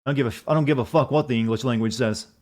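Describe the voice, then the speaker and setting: A man's voice: mid-range voice, racing, a little mellow. Rambling, profane male game streamer. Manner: rambling, profane, answers chat messages. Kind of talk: casual chat while streaming a game.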